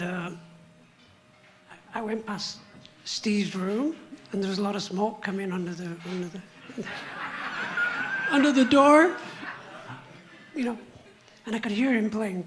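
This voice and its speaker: An older man with a high voice, telling stories as a musician guest on a live stage, humming and singing song parts as he goes. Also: moderate pace, fairly bright tone. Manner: hums and sings song parts while telling stories, chuckling. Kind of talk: live on-stage interview storytelling.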